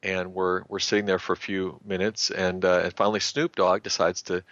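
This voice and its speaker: Man, very low voice, animated anecdotal storyteller, dry dull lo-fi sound. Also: moderate pace, no echo. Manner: animated storyteller who acts out quotes. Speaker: guest, sports writer and author.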